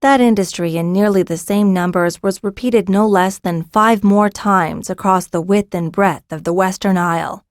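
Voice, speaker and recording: A woman's voice: mid-range voice, normal speed, hardly any pauses, no echo, clean studio sound. Woman narrating a fantasy audiobook.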